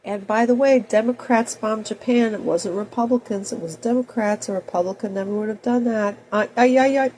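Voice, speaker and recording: A woman in her fifties with a cold, talking in a rambling personal monologue that swings between loud outbursts and soft mutters. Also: medium pitch, normal speed, few pauses, a little hiss or hum, poor audio. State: has a cold. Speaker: video blogger.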